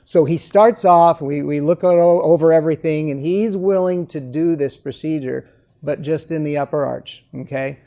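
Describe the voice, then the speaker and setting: A dentist being interviewed, telling patient stories in a casual way and often checking in with "okay?". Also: male voice, fairly high pitch, normal speed, mellow. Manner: storytelling, keeps adding "okay?". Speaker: dentist guest. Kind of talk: conversational interview.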